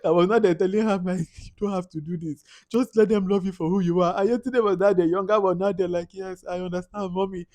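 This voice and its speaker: A man's voice: high-pitched, steady tone, quick pace, few pauses, darkish tone, no room sound. A young Nigerian man with a Nigerian accent gives a casual movie review, laughing often, mimicking characters and slipping into Pidgin. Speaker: film reviewer.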